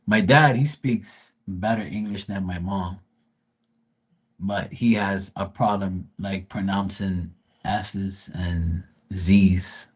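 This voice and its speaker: Husky low-voiced man rambling. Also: steady tone, slow pace. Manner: rambling, profane storyteller. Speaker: live stream host. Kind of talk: casual chat.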